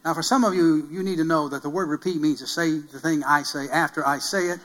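Male pastor, high bright sermon voice, emphatic and repetitive. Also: fairly even intonation, fairly quick, low-quality recording. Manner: emphatic, repeats key phrases, builds to loud calls; rhetorical questions to the congregation.

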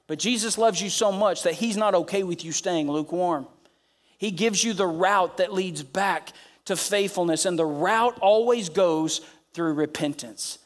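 A man's voice: high-pitched, unhurried. A man preaching a sermon with passion, repeating phrases for emphasis and building to emphatic peaks. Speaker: pastor. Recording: preaching over background music. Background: soft instrumental music.

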